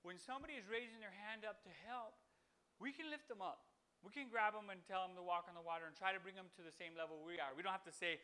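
High, bright-voiced man preaching casually. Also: fast talker, clean tone. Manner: animated, rambling with restarts, acts out quotes. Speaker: podcast host giving a devotional. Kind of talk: informal devotional teaching.

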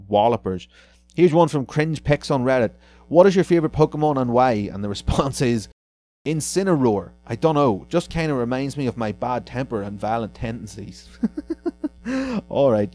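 A male podcast host with a slightly low voice, ranting in a sarcastic, profane way. He sounds like a young adult reacting off the cuff. He swears freely and mocks the posts he reads out. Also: a little mellow. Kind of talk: solo podcast rant.

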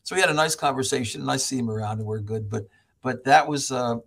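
A middle-aged American man, a professor, telling stories as a podcast guest, animated, laughing often and acting out other people's voices. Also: mid-range voice, fast talker. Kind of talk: storytelling in an interview.

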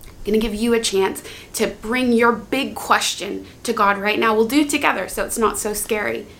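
A woman teaching on prayer in an earnest, gentle way, speaking heartfelt prayers aloud as examples. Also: on the high side, normal speed, gravelly, slight background noise.

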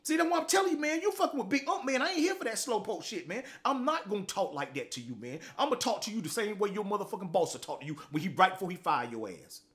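Blunt, profane, high-voiced preachy man. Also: big pitch swings, quick pace, hardly any pauses, a bit bright. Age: middle-aged. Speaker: host of a motivational talk show. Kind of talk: unscripted motivational monologue.

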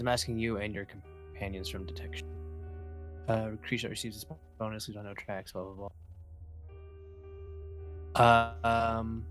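A man's voice: on the low side, a bit bright. A man playing a tabletop game, easygoing in casual chat, reading rules aloud in a mumble. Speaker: player.

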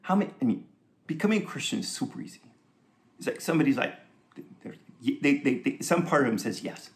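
Pastor, male, slight fry in the voice, chatty teaching sermon with light humor. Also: mid-range voice, very animated, a little fast. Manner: conversational and joking, with frequent laughs and asides.

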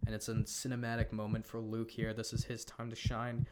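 A man casually retelling a film story as a podcast co-host, laughing often and tossing in quick character quotes. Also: mid-range voice, monotone, very noisy. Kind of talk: casual animated storytelling chat.

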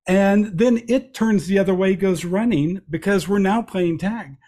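A middle-aged man telling lively anecdotes as an interview guest, with frequent restarts and playful voices for quotes. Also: sits high, a little slow. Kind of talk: storytelling in a conversational interview.

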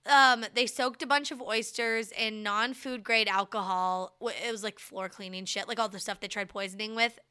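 A young woman co-hosts a podcast in loose, animated conversation, cracking jokes and swearing casually. Her voice sits a little high, with a bright, crisp, clean tone. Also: moderate pace, hardly any pauses. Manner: animated, jokey, swears freely. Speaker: podcast co-host. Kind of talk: casual chat.

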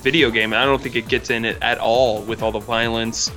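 Man, podcast co-host, casual chat, bright tense voice, faint music behind. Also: mid-range voice, little pitch movement, brisk.

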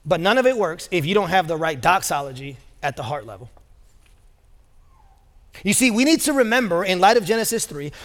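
A pastor delivers a sermon in a high voice, shifting into loose, chatty storytelling full of filler words. His voice rings out with long reverb through a large church auditorium. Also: very animated, a little fast, pauses often, fairly bright tone. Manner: casual storytelling with many fillers.

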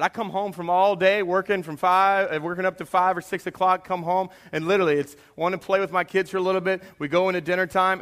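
High, bright-voiced preacher man. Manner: animated preaching, drops to a quiet hush for confessions. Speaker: pastor. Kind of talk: sermon.

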